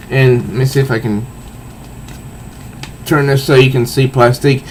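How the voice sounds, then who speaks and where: A man casually reviewing a comic book, recounting panels in a halting way with repeated words. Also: mid-range voice, steady tone, slight background noise, rough recording.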